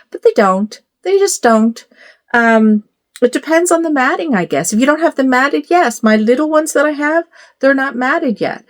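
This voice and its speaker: A middle-aged doll collector vlogs to her phone camera from a bedroom at home, her slightly high, expressive voice at a moderate pace. She chats casually and rambles, full of fillers and asides.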